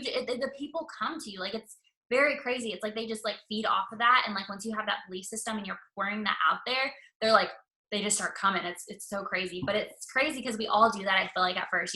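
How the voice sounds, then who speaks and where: A woman guest in a casual motivational chat, telling stories excitedly and calling out "y'all.". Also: mid-range voice, poor audio. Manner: excited, storytelling, says "y'all" and "you guys".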